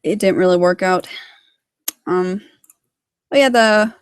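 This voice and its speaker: A woman's voice: lowish voice, slow, clear, resonant tone, no room sound, studio quality. A woman giving a casual livestream tutorial on her animation work, rambling with lots of fillers. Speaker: hobby sprite animator.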